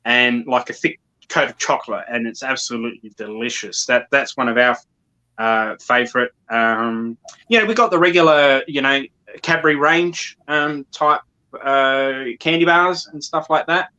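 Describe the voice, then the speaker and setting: A man's voice: mid-range voice, pushed and bright, rough recording. A man from South Australia with an Australian accent, chatting casually as an interview guest on a video call, with many ums and restarts. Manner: halting, many ums and repeated words.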